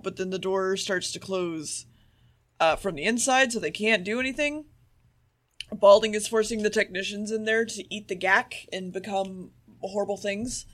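A man's voice: sits high, a bit bright. A man co-hosting a podcast, casually recapping an episode, swearing freely and acting out the characters' lines. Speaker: podcast co-host.

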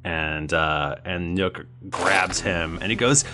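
A man's voice: low voice, slow pace, music in the background. A man running a tabletop role-playing game, narrating and laughing often while acting out characters. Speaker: game master.

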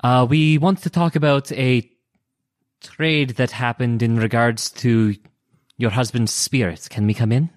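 A man's voice: mid-range voice, steady tone, measured pace, pitched above the performer's own voice, lightly acted. A man voicing a bold young woman adventurer who speaks up emphatically. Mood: earnest.

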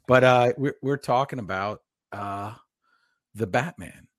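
A man co-hosting a casual podcast chat, talking quickly with fillers and easy laughs. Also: medium pitch, dry recording, studio quality. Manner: chatty, talks fast with laughs and fillers. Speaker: podcast co-host.

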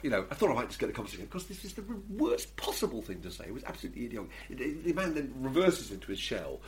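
A man's voice: medium pitch, big pitch swings, rapid-fire, hardly any pauses, slight background noise. A man who broadcasts for a living tells a comic anecdote on a chat show. He laughs often and acts out the lines of the people in his story.

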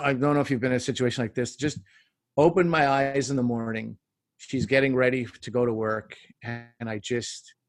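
A man in his forties from Canada, a comedian guest telling stories in a casual, animated way and acting out the voices. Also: mid-range voice, creaky, no room sound, clean studio sound. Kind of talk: casual storytelling.

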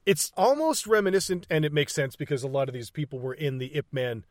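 A man's voice: fairly high pitch, expressive, quick pace, no room sound, clean studio sound. A man casually recapping a movie scene by scene, swearing freely, laughing often and acting out lines from the film. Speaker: podcast co-host.

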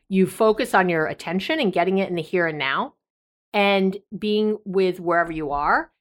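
A middle-aged woman hosting a relationships podcast, talking in an effusive, chatty way with lots of fillers. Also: on the low side. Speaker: podcast host, therapist. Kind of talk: casual podcast monologue.

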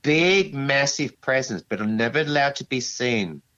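A man being interviewed as a guest, telling a story in a halting, rambling way, full of restarts and asides. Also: medium pitch, a bit bright, muffled recording.

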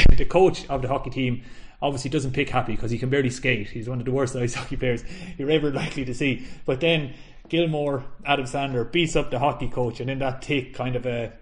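Co-host, man in his thirties, enthusiastic and laughing, middle pitch. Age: 30s. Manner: enthusiastic, laughs often while retelling. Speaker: podcast co-host. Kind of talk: casual chat.

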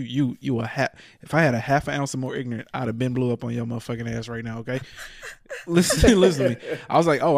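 Dude ranting a funny story, cussing, doing everybody's voices, mid voice. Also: male voice, mid-range voice, vocal fry, no echo, studio quality. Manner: profane, animated, acts out quoted people; laughs often while telling a story. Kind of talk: casual storytelling chat.

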